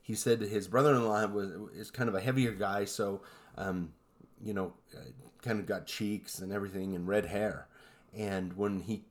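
A man co-hosting a podcast, telling eerie stories in a relaxed, rambling way with lots of fillers. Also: fairly low pitch, normal speed. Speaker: podcast co-host. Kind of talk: casual storytelling chat.

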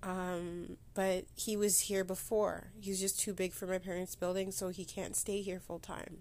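A woman speaks on a personal solo podcast while holding back tears. Her pitch stays flat and level. She talks haltingly, breaking off and restarting her sentences. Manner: halting, with many restarts and pauses. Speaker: podcast host. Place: sitting against a board indoors.

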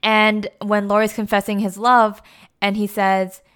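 Young woman chatting thru a movie review, lots of "like", real clear smooth voice. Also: medium pitch, level tone, unhurried, a bit bright. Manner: chatty, many fillers like "like" and "you know". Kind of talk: casual movie review vlog.

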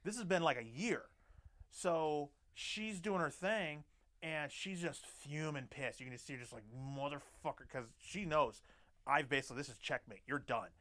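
A man's voice: a little high, moderate pace, a bit bright. A man telling a story in casual chat, acting out the lines of the people in it. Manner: conversational, acts out quoted lines.

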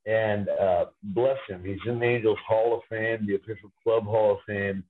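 A man's voice: lowish voice, fairly even intonation, moderate pace. Male phone-in guest, tinny line, rambling storyteller. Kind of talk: casual sports talk.

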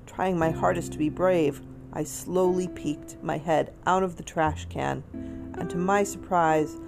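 Lady reading a kids story out loud, lowish voice, guitar music in background. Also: fairly even intonation, a little slow, vocal fry. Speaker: storybook reader. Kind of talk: reading a children's story aloud. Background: soft guitar music.

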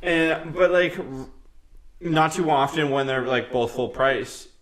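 Pria santai, ruangan bergema. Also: male voice, on the high side, slow, a bit bright, echoey room. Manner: laid-back, agreeable, slangy. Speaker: co-host. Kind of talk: casual beer-tasting chat.

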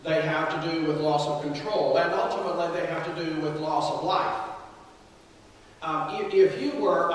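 A male pastor with a slightly raised voice delivers an earnest sermon, pausing often with fillers. His voice rings out through a large, echoey hall, picked up from some distance, with faint room ambience behind him. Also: on the high side, slight background noise. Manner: earnest, prayerful, halting with fillers. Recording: echoey hall, mic from far off.

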